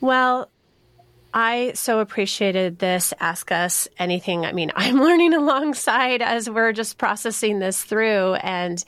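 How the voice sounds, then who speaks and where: A woman's voice: medium pitch, fairly bright tone, clear, resonant tone, no room sound. A woman co-hosting a podcast, affirming and encouraging, often repeating key phrases. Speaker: podcast co-host. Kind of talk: casual podcast conversation.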